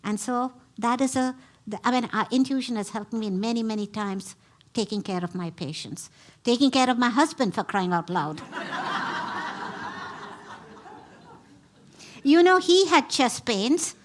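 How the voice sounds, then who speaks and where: A woman's voice: mid-range voice, normal speed. A middle-aged woman giving a talk, retelling a story emphatically with quoted dialogue. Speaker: speaker at a spiritual center.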